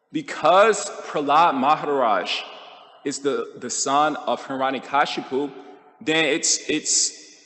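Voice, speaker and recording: A man teaches scripture in a relaxed, storytelling way, dropping quick jokes and playful impressions. His voice sits at an ordinary middle pitch. The sound carries a long reverb, as from a big temple hall. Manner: conversational, joking, quick mock impressions. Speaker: temple speaker. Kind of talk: scripture class.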